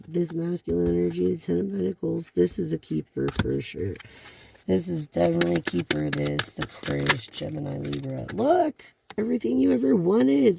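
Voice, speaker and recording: Gravelly, slow-talking tarot reader. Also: medium pitch, background noise. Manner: slow, rambling, many fillers and sighs. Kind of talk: tarot card reading to a viewer.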